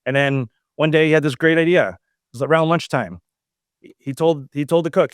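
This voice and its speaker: A man from Southern California hosting a podcast, telling a story in a casual, animated way and acting out quoted lines. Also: fairly high pitch, normal speed, clean tone, no room sound, clean studio sound. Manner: animated, acts out quoted dialogue. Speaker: podcast host.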